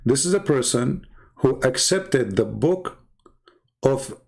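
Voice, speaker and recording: Man, English, heated rant, mocking, insulting, average pitch. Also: lively intonation, takes it slowly, gravelly, a little mellow. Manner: scornful, insulting, mocking laughs. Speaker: online debate speaker. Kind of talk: heated ranting monologue.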